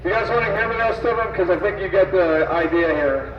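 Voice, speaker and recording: A man speaking at a rally, slowly reading out a roll call and stumbling over names, in an outdoor speech. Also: high-pitched, a little hiss or hum. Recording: distant, echoey, dull lo-fi sound with faint ambience.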